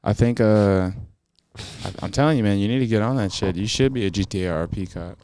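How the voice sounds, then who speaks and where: Young male co-host, low and mellow, smooth tone, dry booth sound, laid-back slang. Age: young adult. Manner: relaxed, swearing, drawn-out slang. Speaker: podcast co-host. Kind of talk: casual chat.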